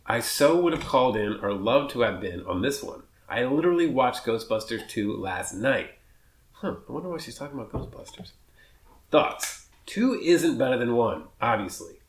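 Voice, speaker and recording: A man hosting a casual podcast, joking and talking fast with some swearing, on rough amateur audio. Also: medium pitch, expressive, reverberant. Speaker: podcast host.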